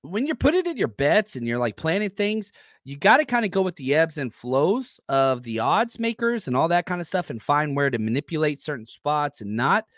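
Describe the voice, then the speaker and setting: A man's voice: fairly high pitch, sing-song, normal speed, a bit bright, no echo, clean studio sound. A man hosting a live sports podcast, talking loosely and energetically while reading chat comments aloud. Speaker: podcast host.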